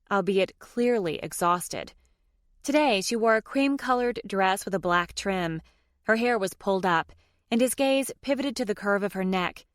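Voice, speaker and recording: A woman narrates a romance audiobook from a script in an even, measured storytelling manner. Her voice is mid-range, with clean studio sound and no room ambience.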